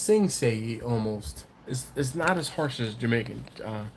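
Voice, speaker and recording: A man's voice: mid-range voice, expressive, normal speed, a little hiss or hum. A man hosting a casual live stream, reading viewer comments aloud in a rambling, chatty way, often laughing and repeating his words. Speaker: livestream host reading viewer chat.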